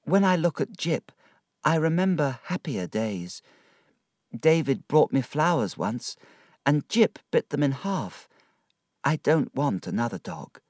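A frail young wife speaks in a soft, weak voice, read by a man. Her lines come slowly, with a lively rise and fall to her pitch. The sound is dry and close. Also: no room sound, exaggerated voice. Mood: gentle. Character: young dying wife, gentle and loving.

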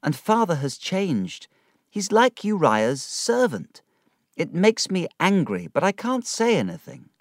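A man voicing a gentle, worried young woman in a read-aloud story, in a soft, raised voice. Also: high voice, wildly swooping pitch, a little slow, no echo, studio quality, voice pushed up, heavily acted. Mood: concerned.

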